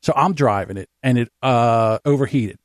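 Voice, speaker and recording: A man's voice: medium pitch, normal speed, dry recording, clean studio sound. A middle-aged man co-hosting a podcast, telling rambling, profane stories in casual chat. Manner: animated storyteller, swears freely. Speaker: podcast co-host.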